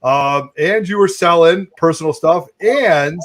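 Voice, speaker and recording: A man hosting a livestream chat, upbeat and full of shout-outs to friends. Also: a little high, a little slow. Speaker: host. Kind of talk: casual chat.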